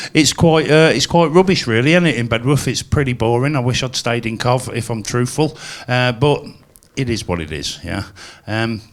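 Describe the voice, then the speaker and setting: A man performing a chatty, self-mocking stand-up set at a live venue. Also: mid-range voice. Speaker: stand-up comedian.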